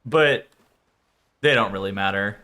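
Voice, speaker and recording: A man's voice: lowish voice, a little slow, sharp tone. A man chatting casually on a game stream, rambling, swearing freely and laughing often.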